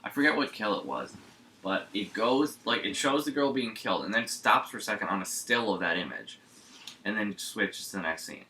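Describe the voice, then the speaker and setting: A man's voice: fairly low pitch, lively intonation, normal speed, sharp tone, slight background noise. A man reviewing a movie in casual chat, retelling scenes bluntly and animatedly.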